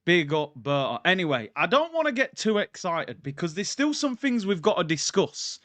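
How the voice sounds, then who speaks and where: A man's voice: high-pitched, big pitch swings, normal speed, a bit bright, no room sound. A man hosting a casual football livestream, hyped, slangy and jokey. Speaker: football channel host. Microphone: streaming mic.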